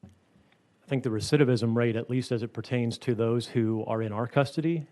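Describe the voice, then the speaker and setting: A man, a state corrections official, giving measured committee testimony full of statistics and frequent fillers. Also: medium pitch, dark tone.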